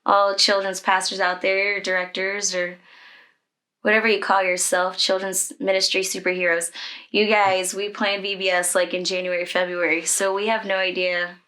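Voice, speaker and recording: A woman's voice: medium pitch, flat delivery, normal speed, bright, forceful tone. A woman who leads children's ministry, telling a personal story in a conversation, candid and emotional, with many fillers.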